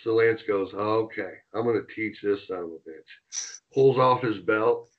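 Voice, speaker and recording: Low-voiced man telling a rowdy story. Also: unhurried, phone-quality sound. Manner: animated, swears, acts out quotes. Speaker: interview guest, former wrestler. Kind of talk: casual storytelling.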